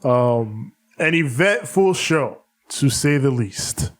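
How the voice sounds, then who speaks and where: A man's voice: medium pitch, lively intonation, slow. A man co-hosting a casual podcast, breaking things down articulately and laughing often. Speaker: podcast co-host. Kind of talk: casual chat, analytical recap.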